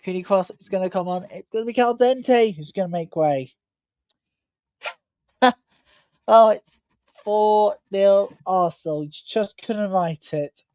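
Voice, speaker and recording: A woman hosting a live match watch-along talks in a slow, low, mellow voice. She sounds tired and yawning, rambling chattily between calls of the play, and the sound is close and dry. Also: dry recording. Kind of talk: live match commentary and chat.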